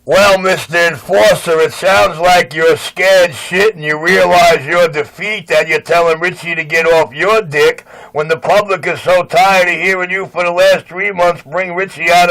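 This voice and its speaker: A man's voice: sits high, moderate pace, fairly bright tone, poor audio. Boastful mocking man on CB radio. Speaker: CB radio operator. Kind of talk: trash-talking radio banter. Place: CB radio channel.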